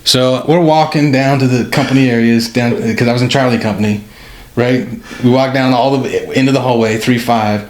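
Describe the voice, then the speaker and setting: A man in his fifties, a guest on a podcast, telling an animated story from his career with frequent laughs. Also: medium pitch, brisk. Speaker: podcast guest, retired Special Forces officer. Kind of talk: casual storytelling interview. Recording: echoey room with faint noise.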